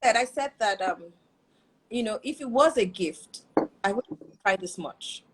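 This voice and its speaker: A woman hosting an interview, animated and self-deprecating, laughing often as she talks. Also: medium pitch, a little slow, background noise. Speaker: interview host. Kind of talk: candid conversational interview.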